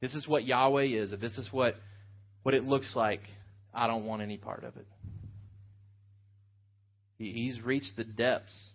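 A man's voice: mid-range voice, fairly even intonation, a little slow, long pauses. Earnest male preacher, lo-fi recording. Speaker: pastor. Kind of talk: sermon. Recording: dull lo-fi sound.

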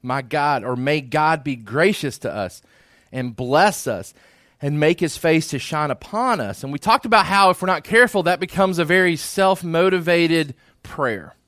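A man's voice: on the high side, normal speed, fairly bright tone, no room sound, clean studio sound. A man preaching a sermon as pastor, earnest and repeating phrases for emphasis.

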